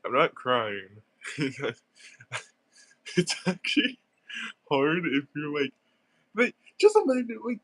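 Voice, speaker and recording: A man's voice: mid-range voice, fairly bright tone. A young man with a stuffy nose, rambling through casual gameplay commentary with lots of fillers and giggles. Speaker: gaming streamer.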